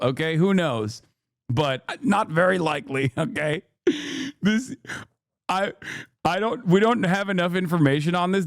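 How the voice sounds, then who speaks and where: Excitable, mocking male streamer. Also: fairly high pitch, no room sound, clean studio sound. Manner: animated and mocking, with sudden incredulous outbursts. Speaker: livestream host. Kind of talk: live streamer reacting to news.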